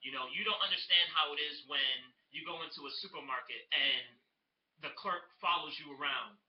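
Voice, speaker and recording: A man's voice: fairly high pitch, normal speed. A young man speaking earnestly and conversationally to his own camera at home, with many "you know" asides. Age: young adult. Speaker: vlogger. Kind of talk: casual personal commentary to camera. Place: indoors at home, TV audible. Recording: roomy, dull sound with faint hiss.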